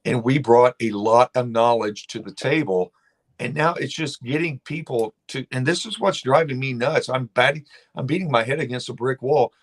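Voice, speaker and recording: A man's voice: mid-range voice, normal speed. A man who is a state lawmaker, speaking as a guest in an impassioned interview, emphatic and blunt as he tells stories.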